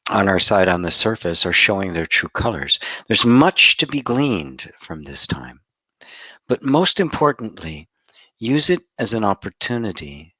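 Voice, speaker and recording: A man giving a contemplative spiritual talk, speaking slowly and sometimes dropping to a soft whisper for emphasis. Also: low-pitched, dry recording. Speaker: spiritual teacher. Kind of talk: satsang talk.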